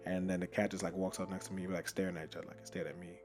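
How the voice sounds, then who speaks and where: A man hosting a podcast, telling a story in an animated, casual way, with frequent laughs and many fillers. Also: sits low, racing, few pauses, soft background music. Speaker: podcast host.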